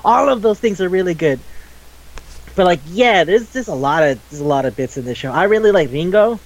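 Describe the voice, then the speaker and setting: A man's voice: high-pitched, lively intonation, brisk, rough recording. A young adult man hosting a podcast, chatting casually and animatedly, laughing often and swearing freely. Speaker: podcast host. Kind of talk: casual chat.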